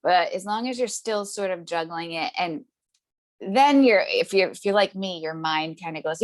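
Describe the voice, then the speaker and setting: The interview guest here, a woman who sells essential oils, has a medium-pitched voice and keeps a moderate pace. Her chatty, casual story is peppered with tag questions and fillers, frequent laughter, and acted-out voices of those she quotes.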